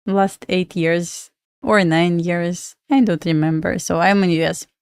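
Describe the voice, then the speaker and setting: A woman's voice: on the low side, steady tone, measured pace, smooth, dry recording, studio quality. A woman from Belarus with a Belarusian accent, chatting casually on a live stream and answering viewers' questions. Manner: chatty, reads out viewer questions and answers them, laughs often. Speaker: livestream trading host.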